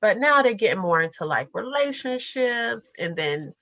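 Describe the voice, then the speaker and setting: A woman's voice: mid-range voice, very animated, moderate pace, sharp tone, dry recording, low-quality recording. A young adult woman hosting a casual group podcast, chatty and slangy, laughing as she tells stories. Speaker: podcast host.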